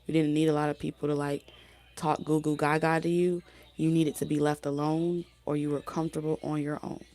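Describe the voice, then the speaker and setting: A woman giving a casual spoken tarot reading, talking loosely with many fillers and restarts, her voice going hoarse. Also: low voice, dark tone. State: losing her voice. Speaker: tarot reader.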